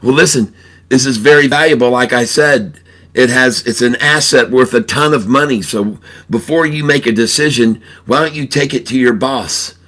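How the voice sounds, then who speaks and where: A man voicing a smooth-talking big male frog who insists on getting a bank loan, in a told joke. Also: medium pitch, normal speed, a bit bright, voice pushed up, natural voice. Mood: insistent. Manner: persuasive, insistent.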